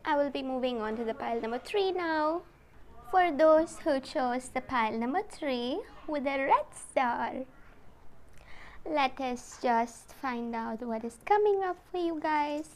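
A woman giving a casual tarot reading, talking gently and emotionally to her viewers. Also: high voice, expressive, measured pace. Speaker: tarot reader.

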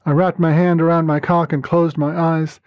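A man narrating a first-person story as a podcast reader, calm and even. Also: on the high side, normal speed, no room sound. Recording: dull lo-fi dry recording.

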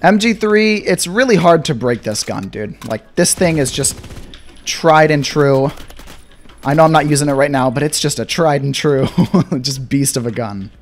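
A young man giving casual gameplay commentary, excitable and sarcastic, swinging between mock despair and glee. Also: on the high side, moderate pace. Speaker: gaming YouTuber.

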